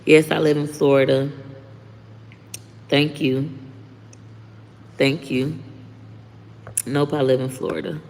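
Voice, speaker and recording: A woman talks straight to her live-stream viewers, blunt and unfiltered, swearing freely between thank-yous to commenters. Her voice has a gravelly fry, and it rings with a long reverb against a faint background hum. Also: deep voice, little pitch movement, slow pace, long pauses, a little mellow. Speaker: livestreaming content creator. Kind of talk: casual live-stream chat reading comments.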